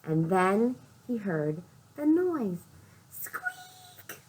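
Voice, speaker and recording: A woman librarian reading a picture book aloud to young children, speaking slowly and expressively, asking the children questions and whispering for suspense. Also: on the high side, sing-song, bright, forceful tone, a little hiss or hum, poor audio.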